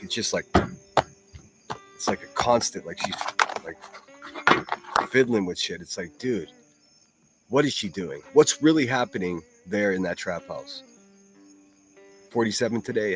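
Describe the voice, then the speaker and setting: Laughing, profane livestream host, low voice. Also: male voice. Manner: profane, laughing, rambling mockery. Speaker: livestream host reacting to clips. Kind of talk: casual livestream chat.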